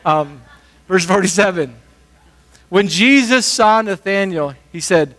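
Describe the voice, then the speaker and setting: A man preaching a sermon as pastor, talking conversationally and briefly acting out the people in the story. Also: high-pitched. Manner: conversational, animated, acts out quick voices.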